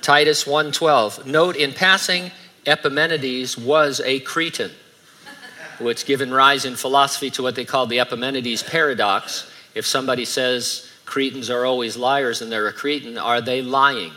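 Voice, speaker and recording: A man's voice: medium pitch, fairly even intonation, moderate pace, bright, forceful tone. A middle-aged man preaching a sermon in a conversational way, with dry humorous asides. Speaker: pastor.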